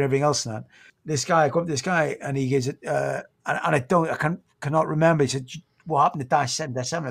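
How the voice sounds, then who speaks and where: British man, 50s, ex-Royal Marine guest, halting, sombre, occasionally choked up. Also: mid-range voice, vocal fry. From Britain. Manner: halting, restarts often, sombre recounting. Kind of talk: podcast interview storytelling.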